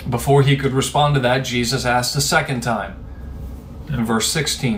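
A man's voice: medium pitch, steady tone, moderate pace, a bit bright, slight background noise. A man preaching a sermon in a conversational, emphatic way, with rhetorical asides to his listeners.

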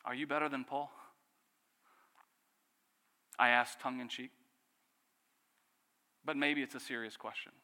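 A man with a bright, forceful voice preaches a sermon. He presses the listeners with rhetorical questions and lets key phrases fall quiet. A long reverb hangs behind him, as in a large hall. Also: medium pitch, steady tone, a little slow, long pauses. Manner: earnest preaching with rhetorical questions and dramatic drops in volume. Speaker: pastor.

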